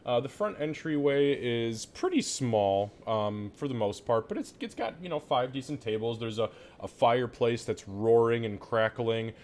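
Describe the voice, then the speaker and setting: A man running a tabletop game, describing a tavern scene in a relaxed, meandering way. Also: mid-range voice, normal speed. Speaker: game master.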